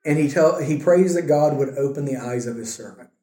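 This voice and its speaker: A man's voice: on the high side, brisk, dark tone, echoey room. A man teaching a casual Bible lesson, retelling a scripture story in a conversational way with wry asides.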